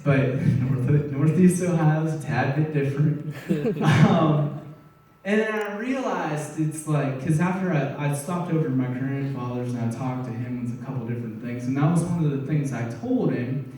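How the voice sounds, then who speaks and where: A young man shares his testimony before a church congregation, talking in an earnest, excitable way and playing out conversations. His voice sits somewhat high and is picked up from a distance. It carries a heavy church echo. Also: moderate pace. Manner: storytelling, acting out conversations in quotes; earnest, excitable, laughing often. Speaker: church member giving testimony. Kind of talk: personal testimony in a church service. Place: church sanctuary. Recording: echoey church, voice off-mic.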